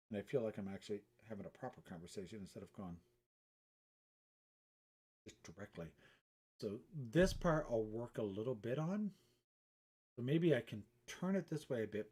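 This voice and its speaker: A man's voice: on the low side, mellow, slightly rough. Rambling man chatting on a live stream. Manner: rambling, talks to himself. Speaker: live streamer and sidewalk chalk artist. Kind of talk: casual live stream chat. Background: faint music.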